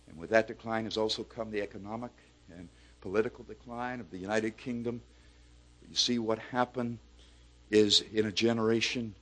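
Man preaching with soaring loud climaxes. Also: on the low side. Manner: swings from hushed to loud, building emphatic climaxes. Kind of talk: sermon.

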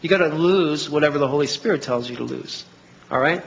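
A middle-aged man preaching a sermon, animated and acting out bits of dialogue in different voices. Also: fairly high pitch, fairly quick, vocal fry. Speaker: pastor. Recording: dull lo-fi recording.

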